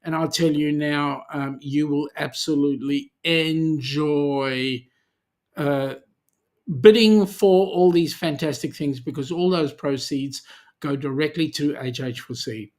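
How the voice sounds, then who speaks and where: A man's voice: a little high, slow, darkish tone. An Australian man hosting a charity channel livestream in a casual, chatty way, reading viewer comments aloud and answering them.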